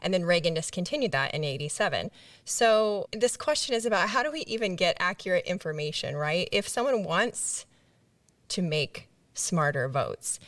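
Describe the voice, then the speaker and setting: A woman with a lowish voice hosting an interview, putting her questions in a measured, deliberate way. The sound is dead dry, and she sits a bit back from the mic. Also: fairly bright tone, no room sound, distant mic. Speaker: podcast host.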